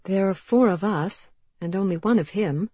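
Woman voicing a witty sharp-tongued young lady. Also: medium pitch, normal speed, husky, dry recording, pitched above the performer's own voice, lightly acted. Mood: arch. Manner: dry, teasing. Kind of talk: audiobook character voice.

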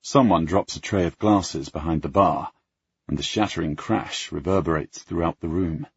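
A man narrating a first-person audiobook with measured, expressive storytelling. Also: deep voice, slightly rough. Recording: dull lo-fi dry recording.

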